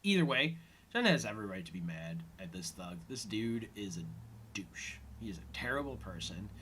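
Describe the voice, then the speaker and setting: A man's voice: on the low side, sing-song, normal speed, pushed and bright, a little hiss or hum. A man hosting a casual commentary podcast, retelling an episode with lots of fillers and quoted lines. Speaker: podcast host.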